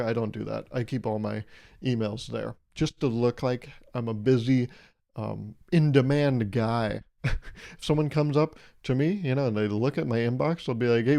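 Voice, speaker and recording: A man's voice: mid-range voice, creaky, warm tone. A young man hosting his own podcast, rambling through a solo comedic monologue in a sarcastic, mock-serious way and laughing at his own jokes. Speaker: podcast host.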